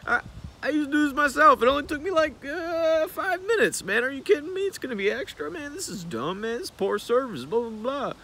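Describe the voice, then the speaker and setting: A young man putting on the voice of an indignant middle-aged male customer who scoffs and complains loudly. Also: extremely high pitch, lively intonation, brisk, a little hiss or hum, voice pushed up, heavily acted.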